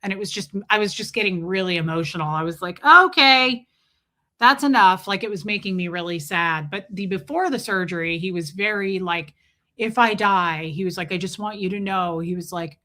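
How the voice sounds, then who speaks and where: A woman's voice: on the low side, brisk, few pauses, fairly bright tone. A woman hosting a casual livestream, telling a rambling personal story and breaking off to greet chat viewers by name. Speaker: livestream host.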